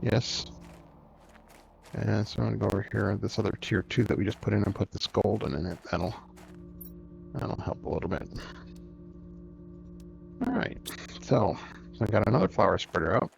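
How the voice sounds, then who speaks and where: A man hosting a game let's-play, thinking aloud in an unhurried way as he plays. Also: fairly low pitch, creaky, a little mellow. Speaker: gaming channel host. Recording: dull lo-fi recording, faint music.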